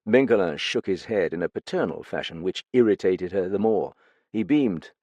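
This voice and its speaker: A man narrating an audiobook and voicing a detective in an expressive, lively reading. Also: low voice, moderate pace, no echo, muffled recording. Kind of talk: scripted narration.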